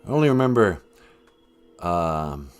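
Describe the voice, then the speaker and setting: A man hosts a loose, joking livestream and talks to his chat. His pitch swings widely while he takes his time. Faint music plays under him. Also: very animated, measured pace, smooth. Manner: joking, rambling, talks to chat and laughs at own jokes. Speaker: livestream host. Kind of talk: rambling comedic livestream chat.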